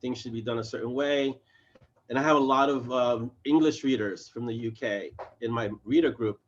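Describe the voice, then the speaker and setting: A man's voice: medium pitch, normal speed, slight background noise. A man in a casual video-call interview, explaining his writing with real energy. His voice sits in an ordinary middle register, and he keeps slipping into his characters' lines. The call audio is muffled and lo-fi. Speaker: fantasy author, interview guest.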